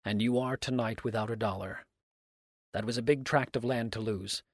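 A man voicing a steady, menacing mountain man who speaks low and level. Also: normal speed, no echo, studio quality, natural voice. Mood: deliberate.

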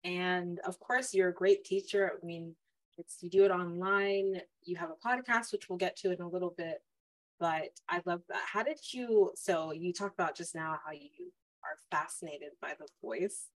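A woman's voice: lowish voice, moderate pace, dry recording, rough recording. Upbeat woman hosting a podcast interview. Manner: warm, upbeat, affirming questions. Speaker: podcast host. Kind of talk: interview host.

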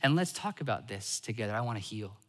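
A man voicing God as a gentle male figure who speaks softly and coaxingly. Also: lowish voice, animated, fast talker, pitched below the performer's own voice.

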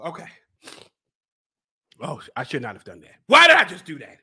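A young man hosting his own show, joking and yelling while he sweats and burns from a hot pepper challenge. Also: a little high, huge pitch swings, moderate pace, pauses often, breathy edge. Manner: loud, frantic and joking, yelling and sighing between lines. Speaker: podcast host and life coach. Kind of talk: live reaction during a spicy chip challenge.

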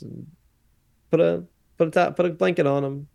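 A man's voice: fairly high pitch, fairly even intonation, normal speed, creaky, dark tone. A man co-hosting a podcast, making jokey side remarks in casual chat. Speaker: podcast co-host.

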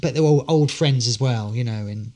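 A man's voice: medium pitch, moderate pace, dark tone. Rambling storyteller man. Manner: rambling storyteller, many fillers and restarts. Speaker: guest, street performer. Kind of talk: anecdotal podcast chat.

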